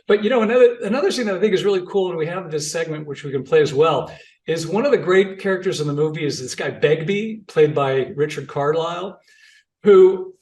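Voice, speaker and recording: Man, host, casual film chat, chatty, somewhat high pitch, echoey room. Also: fairly quick, darkish tone, distant mic. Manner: chatty, enthusiastic, many fillers.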